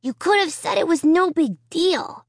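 A woman's voice: very high voice, animated, moderate pace, dry recording, studio quality, pitched above the performer's own voice. Woman reading as a sulky prankster boy. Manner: grumbling, resentful.

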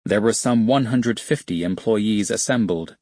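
A man narrates nonfiction in a measured, even storytelling manner. His voice is low with a husky edge. The recording is dry and close, with no room sound. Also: no room sound. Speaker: audiobook narrator. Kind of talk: scripted narration.

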